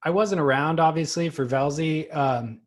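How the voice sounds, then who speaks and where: A man telling a story in a relaxed, wry way during a casual podcast chat. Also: on the high side, moderate pace.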